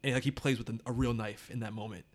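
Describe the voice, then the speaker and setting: A man hosts a podcast, casually chatting about a movie, laughing often and keeping things loose. He talks fast, with a medium pitch and a steady tone.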